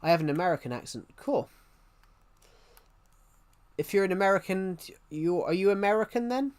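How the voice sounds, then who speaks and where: A man's voice: high-pitched, animated, moderate pace, clean tone. An English-accented man talks on a live stream in a loose, wandering way. He trips over his own sentences and starts them again as he chats to the viewers. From England. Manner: rambling, many restarts, chatting to viewers. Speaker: livestreamer. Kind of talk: casual live stream chat.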